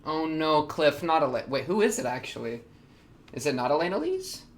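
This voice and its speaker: A young man, reacting to an anime episode in casual commentary, excitable, laughing often and talking back to the characters. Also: fairly high pitch, moderate pace.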